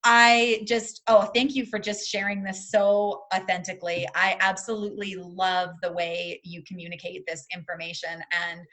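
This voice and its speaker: A woman's voice: mid-range voice, steady tone, normal speed, hardly any pauses, fairly bright tone. A woman in her thirties hosting a podcast in a casual chat. She is earnest and laughs often. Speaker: podcast host.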